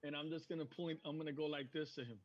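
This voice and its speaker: A man playing a tabletop game, talking in a casual, easygoing way. His voice is slightly high and husky, and it comes through a dull, lo-fi line. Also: fairly even intonation, quick pace. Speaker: player.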